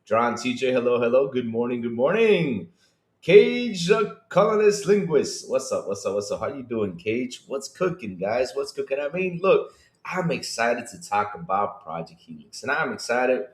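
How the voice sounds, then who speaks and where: A man co-hosts a gaming podcast livestream in casual chat, calling out viewers by name. His pitch leaps around with real liveliness, and the room adds a noticeable echo. He talks in an animated, loose way. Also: normal speed. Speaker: podcast co-host.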